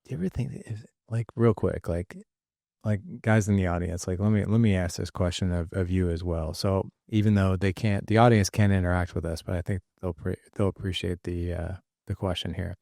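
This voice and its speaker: Laid-back middle-aged podcast host. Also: male voice, sits low, steady tone, brisk, creaky, dark tone, dry recording, clean studio sound. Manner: rambling, self-correcting, laughing often. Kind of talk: casual father-son podcast chat.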